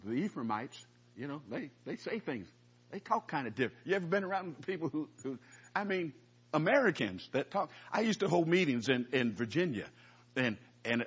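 A man's voice: mid-range voice, breathy edge. A man preaching in a conversational teaching style, talking through a Bible passage and putting questions to his listeners. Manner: chatty, asks the listeners questions. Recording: dull lo-fi recording.

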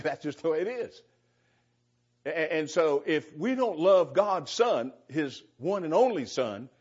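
A man's voice: fairly high pitch, a little mellow, breathy edge. A man preaching a conversational sermon, often repeating words as he starts a thought and chuckling between points. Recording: dull, lo-fi recording.

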